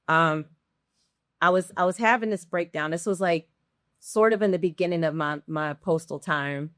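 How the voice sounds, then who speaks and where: A woman guest on a casual podcast conversation, telling her story in an animated way, full of fillers and asides. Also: fairly low pitch, normal speed, dry recording, studio quality.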